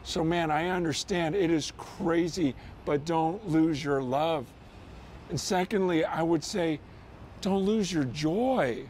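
A man's voice: on the high side, takes it slowly, darkish tone, slight background noise. A man pastor sending a casual, earnest video message to his church, talking conversationally with frequent "you know" and "man".

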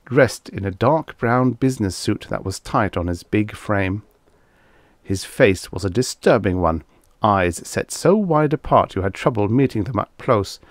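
Lively low-voiced male audiobook narrator. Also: no echo, studio quality. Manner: expressive storytelling reading, lively intonation. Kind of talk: vintage science fiction audiobook reading.

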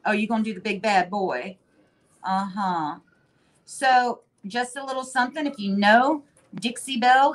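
A woman's voice: mid-range voice, fairly bright tone. A middle-aged woman hosting a furniture painting livestream, reading viewer comments out in a chatty, friendly way.

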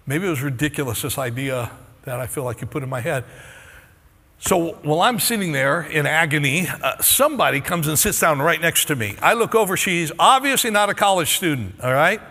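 Husky, higher-voiced pastor preaching earnestly. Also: male voice, expressive, brisk, bright, forceful tone. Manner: earnest, impassioned storytelling, pleading directly with the congregation. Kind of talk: sermon with personal story. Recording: long reverb of a large hall.

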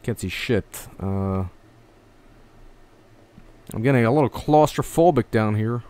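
A man's voice: medium pitch, slow pace, darkish tone, clean tone. Rambling young man streaming a game. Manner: mumbling, rambling, frequent swearing. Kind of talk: casual let's-play commentary.

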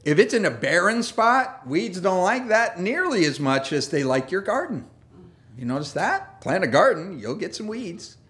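A pastor preaching to his congregation in a loose, chatty way, a man whose voice sits a little high and swings widely in pitch. He wanders into funny side stories and pokes fun at himself before steering back to his point. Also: fairly bright tone. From United States. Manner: conversational, self-deprecating, jokey asides. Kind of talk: sermon. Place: church sanctuary.

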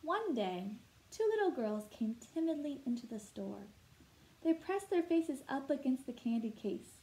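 A woman teacher reading a picture book aloud to children, telling it expressively and pausing to ask them questions. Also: high voice, very animated, warm tone, low-quality recording.

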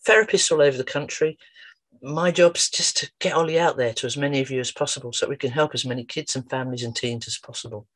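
A man's voice: mid-range voice, steady tone, quick pace, fairly bright tone, dry recording. A man giving an informal talk about his work with children and adults, chatty and fond of acting out quotes. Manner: chatty storyteller, acts out quotes. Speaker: wellbeing practitioner. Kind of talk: informal promotional talk with anecdotes.

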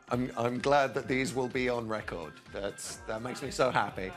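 A man's voice: medium pitch, normal speed, hardly any pauses, over music. A man hosting a satirical news show, giggling and fumbling through outtakes.

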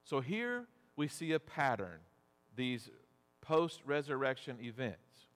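A man preaching a sermon as pastor, deliberate and measured, asking rhetorical questions. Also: medium pitch, sing-song. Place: church sanctuary. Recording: long church reverb.

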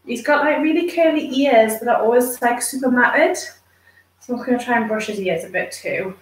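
A fairly high-voiced woman chats casually to her viewers while grooming her dog, slipping into cooing baby talk for the dog. She sits back from the mic in a roomy space. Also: moderate pace, recorded from a distance. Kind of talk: casual live chat with viewers.

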